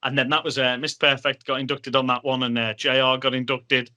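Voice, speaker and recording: Bright-voiced man telling stories. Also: mid-range voice, a little fast. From Liverpool, England. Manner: animated storyteller, acts out other people's lines. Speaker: podcast guest. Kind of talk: casual anecdote telling.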